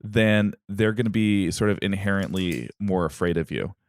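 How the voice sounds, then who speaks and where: Rambling, low-voiced male podcast host. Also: normal speed, no echo. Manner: rambling, filler-heavy, joking. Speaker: podcast host, myth storyteller. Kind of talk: casual comedic retelling.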